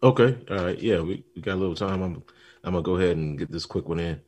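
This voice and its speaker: A man co-hosting a casual talk show, telling a story with animated retellings and acted-out lines. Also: sits low, quick pace. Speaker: podcast co-host. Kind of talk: casual chat.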